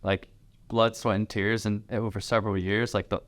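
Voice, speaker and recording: A man's voice: lowish voice, level tone, normal speed. A man co-hosting a casual podcast who rambles as he talks and fills his sentences with "like.". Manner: rambling, heavy use of "like". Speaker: podcast co-host.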